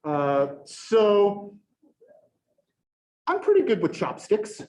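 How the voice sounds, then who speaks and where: A man in his forties, a college professor, telling a story to his class in a chatty, animated way and tagging nearly every sentence with a rhetorical question. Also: sits high, very slow. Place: lecture classroom. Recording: echoey classroom recording.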